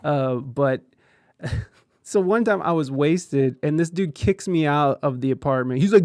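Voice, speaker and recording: Brief: slightly high-voiced male host, candid and profane storyteller, dry close sound. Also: measured pace, darkish tone, no echo. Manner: candid, profane, laughs often through the story. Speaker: podcast host. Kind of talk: casual storytelling.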